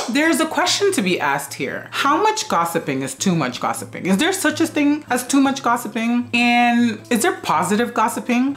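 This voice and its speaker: A woman vlogger with a fairly low voice gives casual advice straight to her viewers. She is chatty, peppers her talk with "you know" and throws out rhetorical questions. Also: a bit bright. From Guinea-Bissau.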